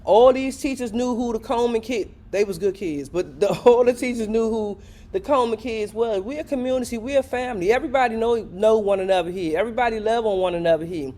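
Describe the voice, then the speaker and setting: An older man speaks up at a public hearing in a high-pitched voice. He is impassioned and pleading, and he circles back to the same points again and again. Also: fast, dark tone. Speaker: resident giving public comment.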